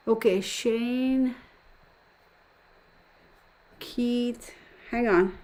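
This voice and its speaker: A woman's voice: on the high side, fairly even intonation, drawn-out words, long pauses, darkish tone. A woman hosting a casual tarot livestream, chatting with viewers and muttering numbers under her breath as she works. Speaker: tarot reader livestream host.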